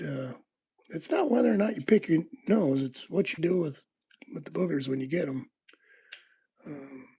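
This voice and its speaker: Gravelly, husky man chatting on a livestream. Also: on the high side, mellow. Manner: rambling, laid-back storytelling with frequent fillers. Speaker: livestream host. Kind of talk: casual livestream chat while lockpicking.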